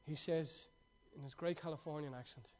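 Male preacher with a high voice, delivers a sermon that shifts from excited storytelling to a hushed, pressing call. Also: normal speed. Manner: swings from excited, laughing storytelling to hushed, urgent exhortation.

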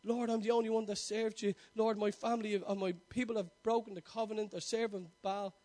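A man's voice: high-pitched, flat delivery, fairly quick, darkish tone, natural voice. A male preacher voicing a weary, self-pitying prophet who lists his grievances during a sermon. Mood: complaining.

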